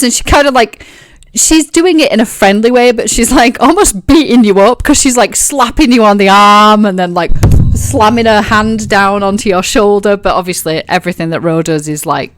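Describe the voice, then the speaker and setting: A woman's voice: mid-range voice, moderate pace, no room sound. A woman narrating a tabletop game as game master, chatty and full of filler words.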